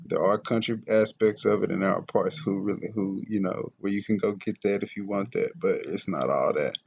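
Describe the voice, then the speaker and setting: A man from Dallas giving reaction commentary on a clip, measured and explanatory, with fillers and self-corrections. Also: fairly low pitch, creaky, slightly rough, highs cut off. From Dallas, Texas. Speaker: rapper reacting to a video.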